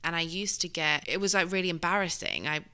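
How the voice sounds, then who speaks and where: A woman's voice: lowish voice, quick pace, pushed and bright, smooth. A woman with a British accent that drifts toward American, chatting in a conversational interview and leaning on fillers like "you know". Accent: British, shifting toward American. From Britain.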